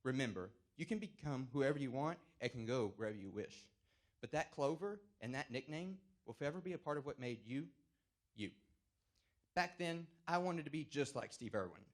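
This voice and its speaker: A man giving a prepared campaign speech as a 4-H council candidate, with dramatic, animated storytelling. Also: mid-range voice, normal speed.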